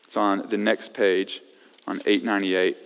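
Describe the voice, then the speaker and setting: A man preaching a sermon as pastor, swinging from loud emphasis to hushed scripture reading. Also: lowish voice, flat delivery, measured pace, creaky, smooth. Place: church sanctuary. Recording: long reverb of a church hall.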